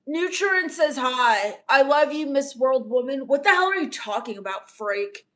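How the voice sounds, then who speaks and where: A woman's voice: sits high, animated, unhurried, fairly bright tone. A woman playing a bratty, self-absorbed teenage livestreamer who reads viewer comments aloud in a snarky, dismissive way. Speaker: comedian doing a livestream character. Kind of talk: improvised livestream comedy.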